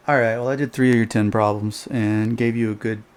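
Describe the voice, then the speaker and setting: A math teacher with a fairly low, steady, clean-toned voice speaks a little fast in a recorded calculus homework walkthrough. He thinks aloud while sketching graphs and corrects himself along the way.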